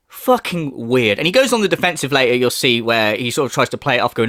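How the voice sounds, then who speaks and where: A man's voice: mid-range voice, animated, quick pace, hardly any pauses, fairly bright tone, no echo, clean studio sound. A man on a livestream giving sarcastic, profane, ranting commentary. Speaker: streamer.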